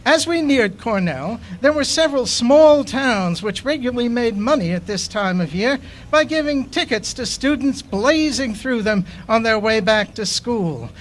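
A man reading his own memoir poetry aloud at a poetry festival, in a measured, unhurried way. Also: extremely high pitch, expressive, slight background noise.

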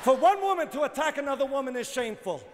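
A man's voice: extremely high pitch, lively intonation, quick pace, big-room sound, background noise. A man playing a gushing, fussy middle-aged woman fan who peppers her talk with Yiddish words, live on an arena stage. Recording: live arena sound with loud crowd.

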